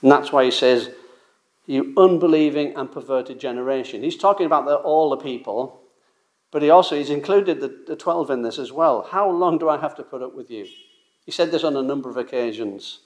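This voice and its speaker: A man's voice: medium pitch, brisk. A man preaching an expository sermon. He talks emphatically, repeats his points and asks rhetorical questions.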